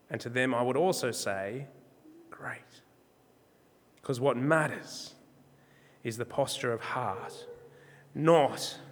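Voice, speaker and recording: Male preacher, measured and emphatic, mid-pitched voice, long church echo. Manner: measured, emphatic, slows on key words. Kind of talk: sermon.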